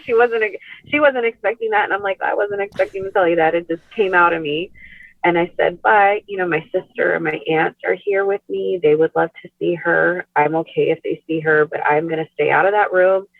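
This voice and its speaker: A woman recounts a painful personal memory in a soft, unhurried voice, full of small fillers and restarts. The sound is thin and phone-like, and it is dry with no room echo. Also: fairly low pitch, vocal fry. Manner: soft-spoken, many "like" and "you know" fillers. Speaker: podcast guest. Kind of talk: emotional personal storytelling. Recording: tinny phone line.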